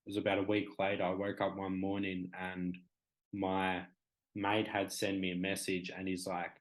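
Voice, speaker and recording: A man's voice: low-pitched, completely flat delivery, normal speed. A young Australian man, a guest on a talk show, telling a story in a rambling, emotional way, full of "like" and "you know". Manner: emotional, acts out quoted exchanges. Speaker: guest, hip hop artist. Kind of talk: casual storytelling in an interview.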